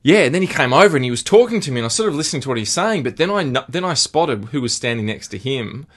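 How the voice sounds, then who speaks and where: A young man chatting on a podcast, his pitch sitting right in the middle. He tells his stories loosely, laughing often and swearing freely. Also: expressive, fast, fairly bright tone. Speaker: podcast co-host. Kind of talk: casual chat.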